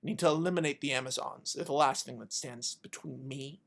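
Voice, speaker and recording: A podcaster voicing a vengeful ancient male god of war who menaces and then rants in rage, in a comedic fan fiction pitch. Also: a little fast, vocal fry, a bit bright. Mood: menacing, low.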